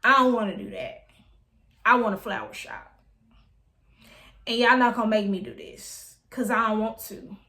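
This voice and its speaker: A defiant young woman who is done taking orders from her family, put on by a woman reading aloud. She speaks a little high and presses every point with insistent emphasis, fed up and firm. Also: very animated, moderate pace, long pauses, pushed and bright, exaggerated voice.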